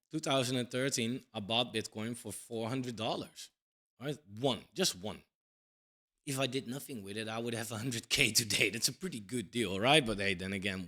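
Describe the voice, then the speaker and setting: A man's voice: medium pitch, sharp tone. A man in his thirties giving a casual crypto commentary monologue, blunt and emphatic, swearing casually and tagging points with "right?". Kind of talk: casual talking-head monologue.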